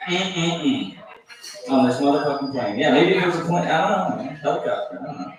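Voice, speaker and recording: A man's voice: fairly high pitch, expressive, a little fast. A man doing a stand-up set at an open mic, crude and offhand, doing crowd work and mocking his own jokes. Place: bar stage at an open mic. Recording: echoey room, taped from far off.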